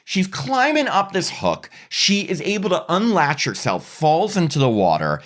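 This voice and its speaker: A man's voice: a little high, sing-song, moderate pace, a bit bright. A man co-hosting a podcast, animatedly retelling a film's plot in casual chat with lots of fillers. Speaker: podcast co-host. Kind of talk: casual movie review chat.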